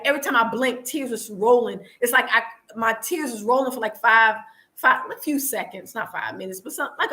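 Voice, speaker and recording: Bright-voiced earnest American woman. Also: fairly high pitch, poor audio. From United States. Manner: earnest, repetitive, many restarts. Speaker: vlogger answering live chat. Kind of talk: casual live-stream chat. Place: home in Tanzania.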